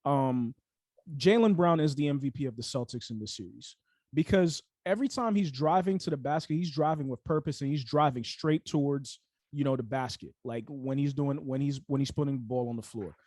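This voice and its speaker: A man's voice: medium pitch, a little fast, darkish tone, no echo. A young man co-hosting a casual sports podcast, ranting heatedly with lots of fillers and restarts.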